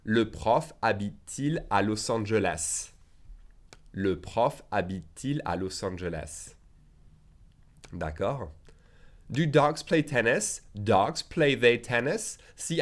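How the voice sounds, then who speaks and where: A man with a French accent teaches his native language in a relaxed lesson, his voice sitting at an ordinary middle pitch. He says each example sentence slowly and carefully, then keeps checking in with the learner by asking "okay?". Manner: slow deliberate pronunciation of French examples, frequent "okay?" check-ins.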